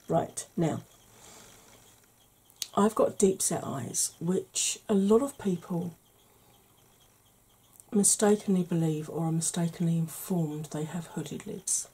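Soft-spoken woman with a husky, mellow voice. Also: fairly low pitch, steady tone, slow, long pauses. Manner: soft, chatty, explaining step by step. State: yawning, tired. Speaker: makeup tutorial host. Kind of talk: ASMR makeup tutorial.

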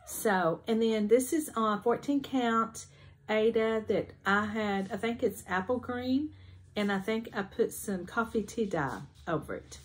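A woman chatting casually at home about her finished cross-stitch pieces, rambling with many ums. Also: medium pitch. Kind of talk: casual show-and-tell chat.

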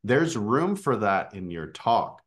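A man's voice: fairly low pitch, very animated, slow. A man coaching speakers in a casual online session, explaining with filler words.

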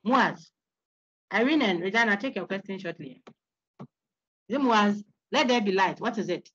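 Animated woman lecturing online. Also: mid-range voice, normal speed, lo-fi sound, a little hiss or hum. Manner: animated, laughs often, asks students questions. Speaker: university lecturer.

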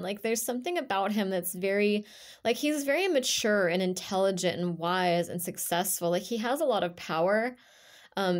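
A woman giving an intuitive tarot reading to camera, rambling and emotional, with frequent fillers and restarts. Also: medium pitch. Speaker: tarot reader.

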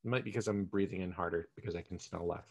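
A man's voice: sits low, quick pace, vocal fry. A man co-hosting a casual whisky tasting chat. He rambles and uses a lot of fillers.

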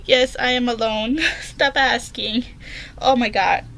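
Woman host, jumpy horror game commentary from her bedroom; slow and bright, a bit high, faint home noise behind. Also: steady tone, gravelly. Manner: reads questions aloud and answers them, jumpy and chatty. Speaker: gaming channel host.

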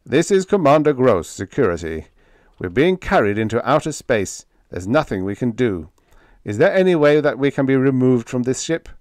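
A man's voice: mid-range voice, very animated, moderate pace, darkish tone, dry recording, voice pushed up, close to an everyday voice. A man voicing a curt male security commander speaking over the radio in clipped, commanding lines. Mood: tense.

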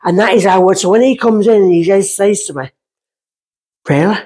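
A woman chats in a husky voice, lively and self-mocking. She tells her stories casually and acts out the people she quotes. Her pitch stays in a middle range. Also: brisk. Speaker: medium, podcast guest. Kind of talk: casual storytelling chat.

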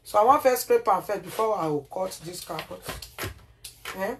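A woman's voice: medium pitch, animated, normal speed, recorded from a distance. Scolding Nigerian Pidgin woman vlogger. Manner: scolding, repeats herself, asks "Eh?" often. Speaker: cooking vlogger. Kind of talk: casual cooking vlog rant. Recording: voice from off the mic, faint noise.

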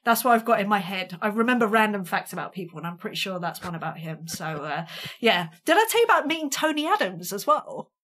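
A woman's voice: mid-range voice, sing-song, quick pace, fairly bright tone. A British woman, a touring drummer, telling a story in a casual and self-deprecating way, acting out the quotes with energy. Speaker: podcast guest, touring drummer.

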